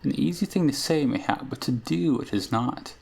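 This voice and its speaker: A man reading aloud the lines of an ancient, scheming female hag from a game, in a gravelly voice. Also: medium pitch, normal speed, darkish tone.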